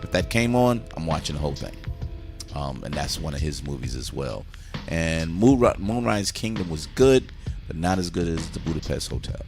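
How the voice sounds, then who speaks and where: Deep-voiced man gushing over a movie. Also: animated, normal speed, gravelly, a little mellow, faint music behind. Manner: enthusiastic, retells scenes at length, swears casually. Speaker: movie review host. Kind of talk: casual movie review chat.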